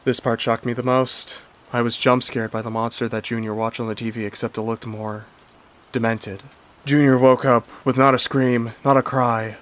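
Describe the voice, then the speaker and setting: A man narrating a horror story in a plain, earnest storytelling manner. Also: medium pitch. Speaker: creepypasta narrator. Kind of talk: story reading.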